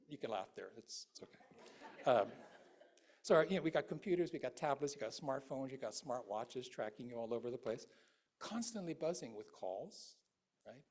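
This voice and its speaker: A male minister gives a Buddhist dharma talk in an easy, conversational way, peppered with fillers and asides to the congregation. His voice is husky at a medium pitch. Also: darkish tone. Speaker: guest minister.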